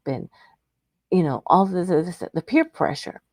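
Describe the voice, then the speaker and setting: Her voice lowish, sing-song, and a little mellow, a middle-aged woman who hosts a radio show recounts something personal at an unhurried pace. She's from Texas in the United States, and her telling is rambling and emotional, with frequent restarts. It's a clean studio recording with no echo.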